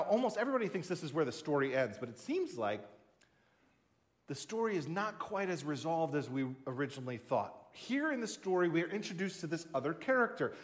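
A man's voice: fairly high pitch, fairly bright tone. A man preaching a sermon, explaining a passage with emphatic, conversational storytelling.

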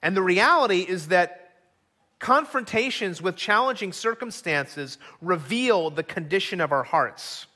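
A man's voice: high voice, expressive, measured pace, pushed and bright. A middle-aged man preaching a sermon as pastor, earnest and acting out quoted voices.

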